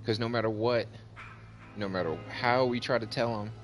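A man hosting his gaming channel, casually telling a story over gameplay, getting animated as the story builds. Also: mid-range voice, normal speed. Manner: animated storyteller, voice jumps up when retelling. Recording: faint music behind.

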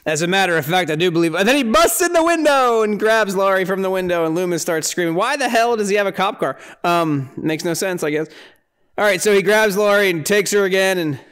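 Smooth-voiced man recapping a movie. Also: high voice, animated, brisk, a bit bright. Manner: rambling, incredulous, laughing at the film. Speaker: podcast host.

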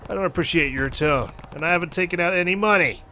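A man voicing a stoic, deadpan male yakuza hero in a game playthrough, low and flat. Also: quick pace, a little hiss or hum. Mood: dry.

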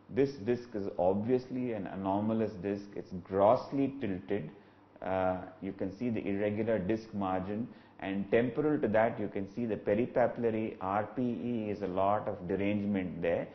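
Male doctor lecturing to a webinar, fairly low voice, patient and explanatory, muffled lo-fi sound. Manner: measured, explanatory, with frequent "uh" fillers. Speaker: ophthalmologist lecturer.

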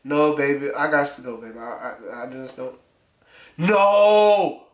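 Brisk and steady in tone, a young male YouTuber with a medium-pitched, fairly bright voice reacts on his channel. The room echoes, and his remarks are loose, crude and teasing.

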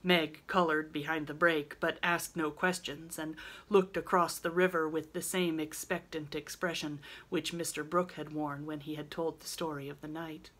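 A woman pastor calmly reading a classic novel aloud as storybook narration. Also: deep voice, normal speed.

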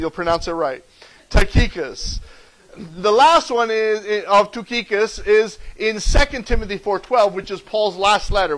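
A man preaching a sermon in a church, animated and joking as he teaches from scripture. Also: high voice, rough recording. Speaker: pastor. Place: church sanctuary.

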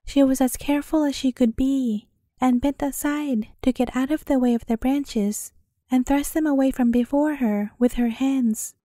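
Bedtime narrator: woman, high and mellow, measured storybook reading. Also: fairly even intonation, no room sound, studio quality.

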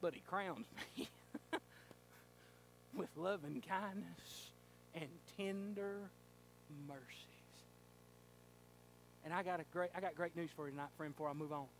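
A male pastor preaching a sermon in a church, telling a folksy story and rising to fervent shouting. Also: fairly high pitch, fairly even intonation, unhurried, pauses often, slight background noise. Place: church sanctuary.

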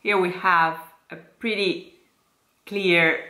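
Slow, careful Italian-accented woman teacher. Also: fairly low pitch, steady tone, pushed and bright, echoey room. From Italy. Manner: models words slowly and repeats them. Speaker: Italian diction teacher for singers. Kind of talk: slow, careful diction lesson.

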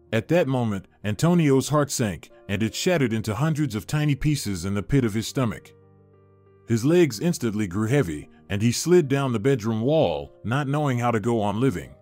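A man's voice: mid-range voice, lively intonation, moderate pace, a little mellow, no room sound. Man narrating a story over faint music. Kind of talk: scripted narration.

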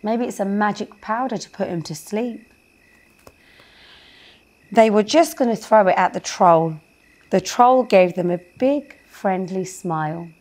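A woman reads a children's bedtime story at a slow, unhurried pace. She speaks gently and often stops to ask her young listeners questions. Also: medium pitch. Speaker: storyteller for a kids show.

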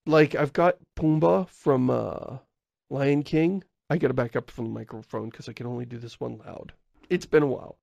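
A man's voice: mid-range voice, gravelly, darkish tone, no room sound, clean studio sound. An American man co-hosting a podcast, chatting casually and playfully about doing character voices. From United States. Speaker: podcast co-host. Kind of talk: casual chat.

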